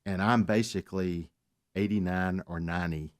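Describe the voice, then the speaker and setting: A man with a fairly low voice tells his story on a talk radio show. He speaks earnestly, with faith woven into what he says. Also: fairly even intonation, normal speed. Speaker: guest.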